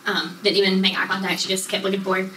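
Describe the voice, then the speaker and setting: A woman lab tech in a recorded interview, speaking in brisk short statements. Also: medium pitch, flat delivery, pushed and bright. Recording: echoey room, mic far off, faint noise.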